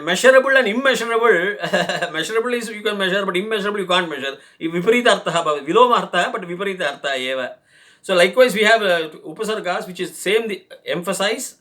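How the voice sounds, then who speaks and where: A man's voice: high-pitched, pushed and bright. A man teaching from Vedic texts, reciting Sanskrit verses and explaining them word by word. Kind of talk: explanatory lecture.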